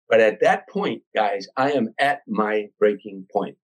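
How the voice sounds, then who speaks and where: An older man from Chicago, a comedian telling a long anecdote as a podcast guest, animated and acting out voices and sounds. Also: lowish voice, moderate pace, breathy edge, rough recording. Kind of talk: storytelling anecdote.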